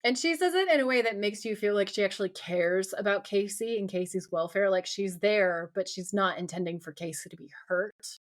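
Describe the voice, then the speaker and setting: A woman's voice: mid-range voice, a little fast, few pauses. Woman podcast host retelling TV scenes. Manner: reads out quotes from the scenes, lively retelling. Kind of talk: casual chat, recapping a TV episode.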